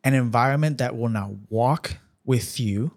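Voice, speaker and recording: A man sharing an emotional personal testimony as a podcast guest, speaking earnestly and haltingly with many restarts. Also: medium pitch, a little mellow.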